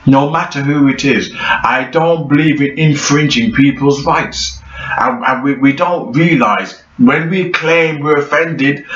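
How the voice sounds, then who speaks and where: A man delivers a vlog commentary in a bright, forceful voice pitched a little high, repeating his points with emphasis and breaking into theatrical bursts. He speaks at a very unhurried pace. The sound is dull and lo-fi, with an echoey room around him. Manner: emphatic and repetitive, with theatrical outbursts. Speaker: vlogger.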